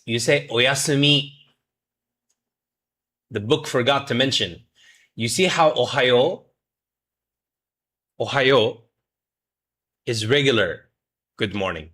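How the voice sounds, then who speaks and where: Man, medium pitch, forceful bright tone; playful stream teacher drilling phrases. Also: slow, pauses often. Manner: jokey, mock-scolds chat, drills pronunciation. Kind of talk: playful livestream lesson.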